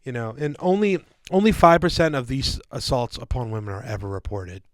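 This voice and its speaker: Casual and rambling, this podcast co-host keeps saying "guys" and "dude" while restarting sentences and dropping fillers. He has a mid-range voice and a brisk delivery, captured in a dry recording.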